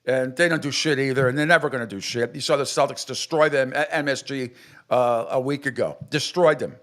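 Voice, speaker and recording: A man hosting a sports radio show, ranting with strong opinions and mocking others in exaggerated high voices. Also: brisk, a bit bright.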